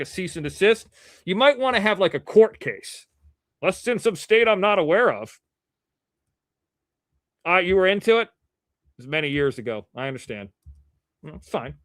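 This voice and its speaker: A man hosting his own live-stream news show, rambling casually between topics, irreverent and quick to curse when annoyed. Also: on the high side, fairly bright tone, clean tone, dry recording, studio quality. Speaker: livestream show host.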